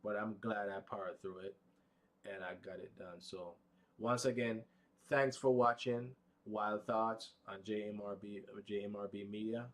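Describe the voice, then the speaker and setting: A man hosting a casual live vlog, rambling in an unhurried, low-key way and stuttering, with many fillers and restarts. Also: fairly even intonation. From United States, Pacific time zone. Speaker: vlog host.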